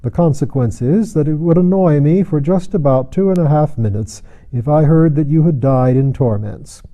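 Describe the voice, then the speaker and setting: A man voicing a huge, commanding president with a genial menace, speaking slowly and deliberately. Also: a little high, warm tone, lightly acted. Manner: slow, deliberate, brisk and mocking.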